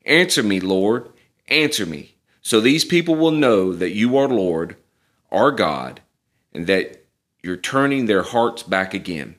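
Low-voiced male preacher, animated, mixes scripture reading with casual retelling. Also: unhurried.

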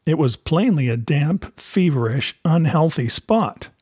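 A man reading a novel aloud in a steady, measured storytelling voice. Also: a little high, husky, dry recording, studio quality. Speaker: reader.

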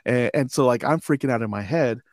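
A man in his forties, a veteran guest on an interview show, tells lively anecdotes and acts out the dialogue with frequent chuckles. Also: mid-range voice, brisk, dry recording, studio quality. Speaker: podcast guest, army veteran. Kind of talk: storytelling interview.

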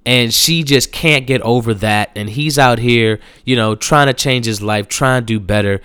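A man talks through a film's story in loose, slangy, rambling speech, stopping and restarting his thoughts often. His voice is smooth and clear at an ordinary pitch. The sound is dry and close, with no room around it. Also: moderate pace, a bit bright, dry recording. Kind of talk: casual movie recap.

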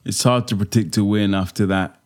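A man co-hosting a casual fan podcast, talking haltingly with many restarts. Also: fairly low pitch, fairly even intonation, darkish tone. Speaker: podcast co-host.

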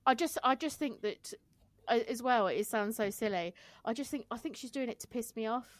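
Frank woman, quiet and dry. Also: fairly high pitch, fairly quick, dry recording. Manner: frank, swears casually, acts out quoted voices. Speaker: podcast co-host, sister. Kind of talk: casual chat.

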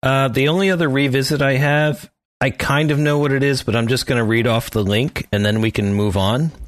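A man's voice: mid-range voice, steady tone, a little fast, dry recording, clean studio sound. A man co-hosting a podcast in playful, self-mocking casual chat. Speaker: podcast co-host.

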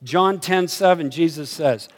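A man preaching a sermon, telling stories animatedly and swinging from low murmurs to excited highs. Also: measured pace. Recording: reverberant hall.

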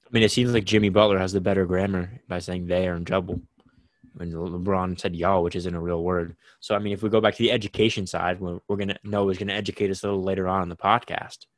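A man's voice: sits low, steady tone, quick pace, no room sound. A young man co-hosting a podcast, chatting casually about basketball with lots of "like" fillers. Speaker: podcast co-host. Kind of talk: casual sports chat.

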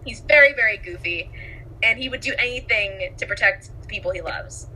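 A woman's voice: medium pitch, animated, a little fast, bright, forceful tone, slight background noise, low-quality recording. A young woman co-hosting a casual chat, talkative and giggly, acting out quotes from films as she talks. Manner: chatty, giggly, acts out quotes. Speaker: podcast co-host.

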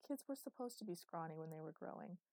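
A woman reading a science fiction audiobook in a steady, even storytelling manner. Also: fairly low pitch, fast, vocal fry, no room sound. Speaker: audiobook narrator. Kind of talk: scripted narration.

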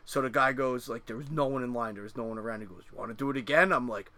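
A man's voice: mid-range voice, very fast, bright, forceful tone. A middle-aged man co-hosting a casual chat, rambling through profane stories with lots of fillers.

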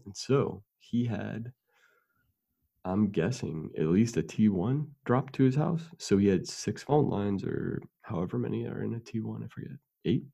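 A man's voice: fairly low pitch, expressive, measured pace, vocal fry, warm tone, breathy edge. A man in casual conversation, telling long rambling stories with fillers and laughs.

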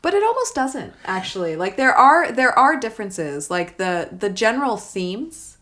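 A woman in her thirties co-hosting a podcast, casually chatting about movies, animated and swearing freely. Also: on the high side, moderate pace. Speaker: podcast co-host.

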